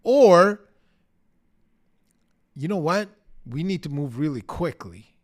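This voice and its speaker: A man's voice: a little high, animated, slow pace. A middle-aged man coaching real estate agents, talking to the camera in a punchy, emphatic way and acting out short bits of dialogue. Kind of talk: energetic coaching talk to the camera.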